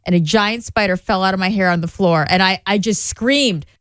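Chatty woman host in her 40s, mid-pitched, dry close sound, tells stories and laughs a lot. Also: moderate pace, clean tone, no echo. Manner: chatty, animated storyteller who laughs often. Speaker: radio show co-host. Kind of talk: casual chat.

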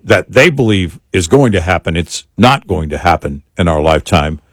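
A man co-hosting a political talk show, talking in an agreeable, steady way. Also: low voice, moderate pace, dry recording.

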